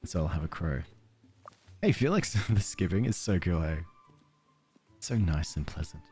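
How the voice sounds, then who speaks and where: A man's voice: deep voice, expressive, normal speed, darkish tone, husky, faint music behind. An Australian man streaming a game, chatting casually with his viewers in a rambling, self-deprecating way and chuckling often. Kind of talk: casual let's-play chat, reading chat aloud.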